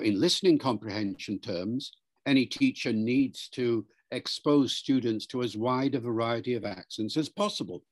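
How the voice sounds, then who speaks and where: A man, a linguistics professor, explaining pronunciation in an interview in a lecturing way and demonstrating sounds aloud. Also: mid-range voice.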